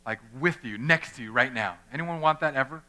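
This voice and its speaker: A young man preaching a sermon as pastor in a church, animated and conversational, acting out the people he quotes. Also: mid-range voice, fairly quick. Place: church chapel.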